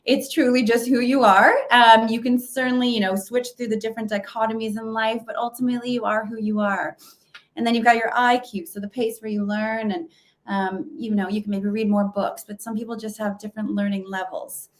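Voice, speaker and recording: Woman, slightly high voice, webinar presenter, casual speaking, fillers and self-corrections, computer mic. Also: steady tone, a little fast. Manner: conversational, many fillers and restarts. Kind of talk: virtual presentation talk.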